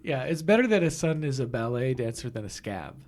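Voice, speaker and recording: A young man co-hosting a casual podcast chat, talking in halting bursts and laughing often. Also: mid-range voice, sing-song, a little mellow. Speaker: podcast co-host.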